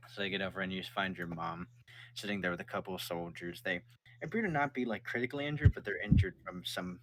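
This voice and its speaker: A man's voice: low-pitched, fast talker, heavy background noise. A man narrating a tabletop game as game master, in a loose, casual way. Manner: loose and casual, with many fillers.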